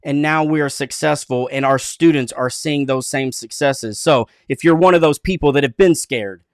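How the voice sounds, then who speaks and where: A man co-hosting a live online business show, giving an earnest, repetitive motivational pitch to viewers. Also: moderate pace, smooth, dry recording, studio quality. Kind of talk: motivational livestream talk.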